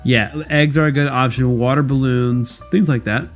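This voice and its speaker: A man's voice: medium pitch, steady tone, moderate pace, faint music behind. A young man co-hosting a casual comedy podcast, jokey and laughing often. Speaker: co-host.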